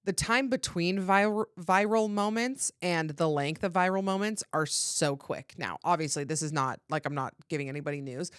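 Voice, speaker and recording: A woman's voice: lowish voice, moderate pace, hardly any pauses, smooth, no echo, clean studio sound. A woman co-hosting a podcast, chatting casually and laughing often. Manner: giggly, easygoing, laughs often. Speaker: podcast co-host. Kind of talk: casual chat.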